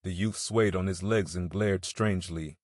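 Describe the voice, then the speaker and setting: A male narrator reads a classic novel aloud in a measured, steady manner. His voice sits low, and the sound is dry and close, with no room around it. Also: no room sound. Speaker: audiobook narrator. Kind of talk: audiobook reading of a classic novel.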